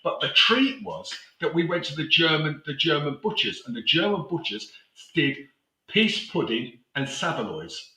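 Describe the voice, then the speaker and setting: A man's voice: a little high, very animated, moderate pace, pushed and bright, echoey room, far from the mic, poor audio. An older man with a South London accent, chatting and reminiscing casually as co-host, laughing easily. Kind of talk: casual chat.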